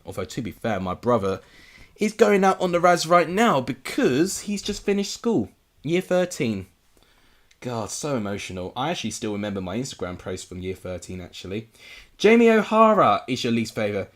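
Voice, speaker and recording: A man's voice: mid-range voice, very animated, normal speed. A young man from England hosting a live football watchalong, chatting casually and answering viewer comments. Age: young adult. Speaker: livestream host.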